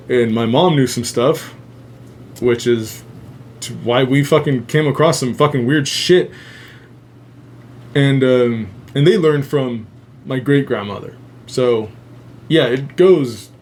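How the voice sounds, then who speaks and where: Rambling, swearing man hosting a casual stream. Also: medium pitch. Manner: rambling, heavy swearing, laughs often. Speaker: host. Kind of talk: casual live-stream chat.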